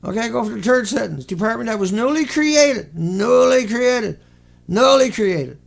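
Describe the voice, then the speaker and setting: Gravelly, high-voiced sarcastic man. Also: moderate pace. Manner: sarcastic, mocking, animated asides. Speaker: online show host. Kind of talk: sarcastic commentary livestream.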